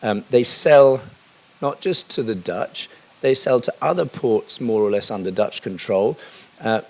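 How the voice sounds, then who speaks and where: A man's voice: mid-range voice, a little mellow. A man giving a history lecture in a conversational way, with frequent fillers and asides.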